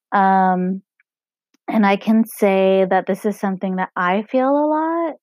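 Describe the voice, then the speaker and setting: Hoarse young woman musing on a podcast. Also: on the low side, darkish tone, dry recording. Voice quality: husky. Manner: meandering, lots of fillers like "um" and "like". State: hoarse, scratchy throat. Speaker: podcast host. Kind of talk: casual solo podcast talk. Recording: dry, muffled home recording.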